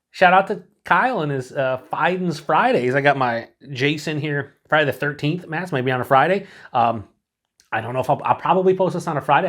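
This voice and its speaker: A man's voice: fairly high pitch, a bit bright. A man casually reviewing a beer on his own channel, rambling and mocking himself, with some swearing.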